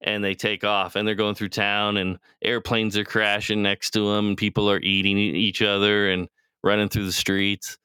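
Bright, smooth-voiced man rambling casually. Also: on the low side, completely flat delivery, moderate pace, dry recording, clean studio sound. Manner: rambling, profane, acts out characters' lines. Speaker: podcast co-host. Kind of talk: casual chat, retelling a TV show.

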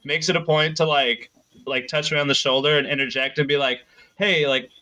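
A young man tells a story in a loose, rambling way, with many "like"s. His voice is bright and forceful, with a smooth, clear tone. The talk is a casual podcast chat. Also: fairly high pitch, steady tone, fairly quick, rough recording. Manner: rambling storyteller, heavy use of "like".

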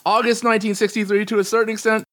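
A man's voice: sits high, level tone, racing, a bit bright, dry recording. A man hosting a podcast, chatting enthusiastically and wondering aloud. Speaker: podcast host. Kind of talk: casual podcast chat.

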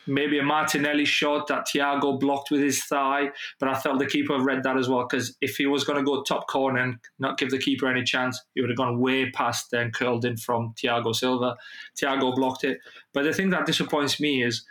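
A man co-hosting a casual sports podcast, talking in an animated way, swearing freely and restarting his sentences. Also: mid-range voice, brisk, roomy sound. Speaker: podcast co-host.

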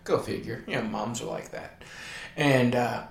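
A man's voice: mid-range voice, a little slow, gravelly, roomy sound. A man telling a personal anecdote in a casual, rambling way, with a wry tone and many "um"s. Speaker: storyteller.

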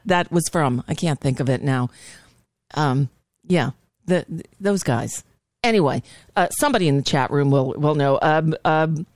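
A woman's voice: lowish voice, no echo, studio quality. A woman hosting a talk radio show, chatting casually and rambling with many fillers and restarts. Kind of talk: casual chat.

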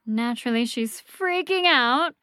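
A woman with a fairly high voice tells a creepy tale in casual podcast chat. She is lively and a little crude, acting out the reactions as she goes. The sound is dry and close. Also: unhurried, no room sound. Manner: animated, swears casually, acts out reactions. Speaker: podcast host telling a ghost story.

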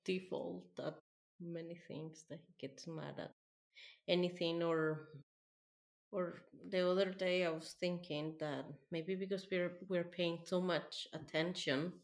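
A woman, a parent asking for advice, speaking hesitantly with halting restarts. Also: lowish voice, fairly even intonation. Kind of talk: casual conversation.

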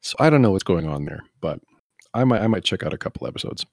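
Low husky-voiced man chatting. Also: fast, no room sound, clean studio sound. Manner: rambling, riffing, animated asides. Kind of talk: casual chat.

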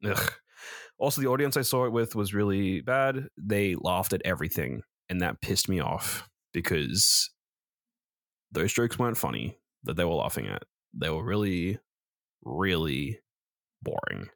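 A rambling man with a lowish voice talks films with a co-host. He trips over his own sentences and swears casually. The sound is close and dry. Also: expressive, moderate pace, a bit bright, no echo. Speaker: podcast co-host, film reviewer. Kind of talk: casual review chat.

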